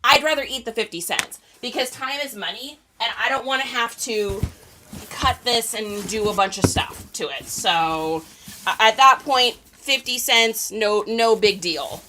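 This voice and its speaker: Packing items to ship on a live stream, this reseller chats casually with viewers and reads their comments aloud. Her voice sits on the high side, pushed and bright, and she talks a little slowly over a faint hiss or hum.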